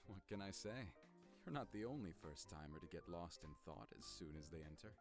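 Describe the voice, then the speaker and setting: A sultry cafe cashier. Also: male voice, low voice, animated, brisk. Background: game music.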